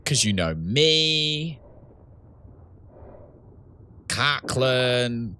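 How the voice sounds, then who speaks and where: A man's voice: on the low side, big pitch swings, a little slow, pauses often, bright, forceful tone. A man, chatting casually with viewers while playing a game live, reading out chat messages and laughing often. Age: 30s. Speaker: streamer and host. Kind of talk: casual livestream gaming chat.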